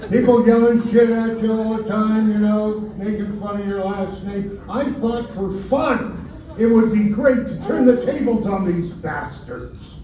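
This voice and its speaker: A man's voice: high-pitched, measured pace, dark tone. An older man doing a stand-up comedy set in a club, with wry, self-mocking punchlines. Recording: roomy club audio from far off. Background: laughing crowd.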